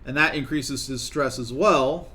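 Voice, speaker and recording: A man's voice: mid-range voice, a little slow, bright, forceful tone, slight background noise. Young guy streaming a game, mid voice, nagging his little colonists, half fed up. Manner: talks to game characters, coaxing and exasperated. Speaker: gaming streamer. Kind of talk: live gameplay commentary.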